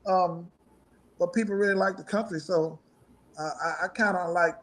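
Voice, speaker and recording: High-voiced man chatting loosely. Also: fairly even intonation, normal speed, fairly bright tone. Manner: rambling, profane, laughs often. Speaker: musician guest. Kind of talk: casual interview chat.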